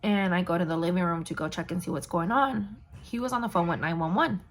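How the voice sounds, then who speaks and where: A woman's voice: fairly low pitch, fast. A young woman vlogger candidly retelling a painful personal story, blunt and emotional.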